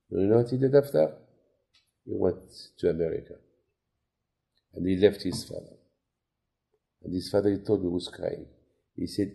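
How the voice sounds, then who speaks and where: Rabbi giving a sermon, gravelly and very dark tone, story-driven preaching. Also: male voice, fairly low pitch. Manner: non-native phrasing, storytelling with quoted dialogue.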